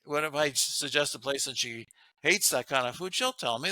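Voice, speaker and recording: A man's voice: mid-range voice, lively intonation, brisk, sharp tone, a little hiss or hum. A man, a guest author, talking earnestly about relationships and laughing often as he makes his points. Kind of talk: casual interview talk.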